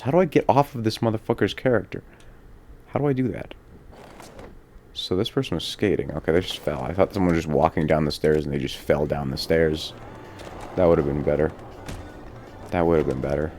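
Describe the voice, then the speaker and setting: Young male gamer, very low voice, rambly, sweary and self-mocking; quiet hum of ambience underneath. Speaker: gaming YouTuber. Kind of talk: casual gameplay commentary.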